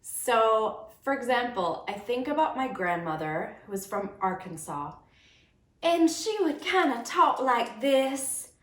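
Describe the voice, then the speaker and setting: A woman's voice: on the high side, very animated, unhurried. Upbeat woman teaching puppetry, roomy sound. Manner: upbeat and encouraging, demonstrating as she explains. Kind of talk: friendly instructional talk for kids and parents.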